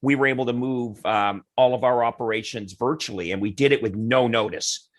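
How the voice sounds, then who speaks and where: A man's voice: mid-range voice, a little fast. A man, a podcast guest, chatting casually and acting out what other people said as he tells stories. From Canada. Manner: animated storyteller who acts out what others say. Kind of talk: casual chat.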